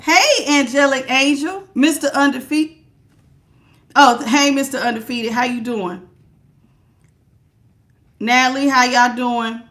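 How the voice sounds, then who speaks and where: Loud, blunt woman tarot reader; high, carrying voice, sassy, laughs often, close on a good mic. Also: slow, pauses often, slight background noise. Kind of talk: live tarot reading, chatting with viewers. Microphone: good studio mic.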